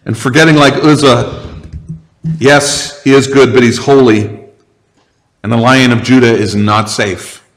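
A male pastor preaching a sermon in a church. He talks conversationally and slows down to lean hard on key phrases. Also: medium pitch, fairly even intonation, in a large hall. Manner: conversational, with slow, heavy emphasis on key phrases.

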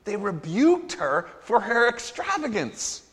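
A man's voice: sits high, huge pitch swings, slow, fairly bright tone, slightly rough. A man preaching a sermon as pastor, earnest and emphatic, asking the congregation rhetorical questions. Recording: long hall reverb.

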